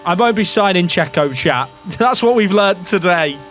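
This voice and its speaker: A man's voice: high-pitched, lively intonation, normal speed, fairly bright tone, faint music behind. An English man, a gaming streamer, talking through his racing-management game to chat in a rambling, self-questioning way, with the odd swear word. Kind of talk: casual game commentary to chat.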